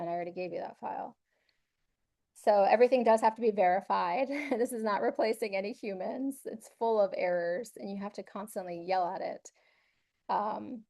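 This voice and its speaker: A woman walks her audience through a webinar session. Her tone is upbeat and conversational, full of small fillers. Her voice is mellow and warm, sitting at a middle pitch. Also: vocal fry. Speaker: webinar presenter. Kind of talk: instructional webinar presentation.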